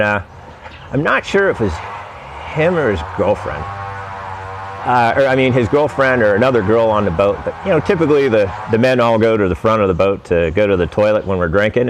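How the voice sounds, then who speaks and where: A man tells a rambling travel story in a relaxed, wry manner. His voice sits fairly low. Music plays clearly behind him. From United States. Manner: laid-back, wry, rambling anecdotes. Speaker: vlogger recounting sailing travels. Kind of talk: casual storytelling.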